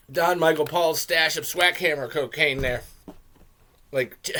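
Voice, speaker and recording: Rambling, bright-voiced man reviewing a film. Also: on the high side, moderate pace. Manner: rambling, animated, swears, bursts into shouting jokes. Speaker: podcast host reviewing a film. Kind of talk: casual film commentary.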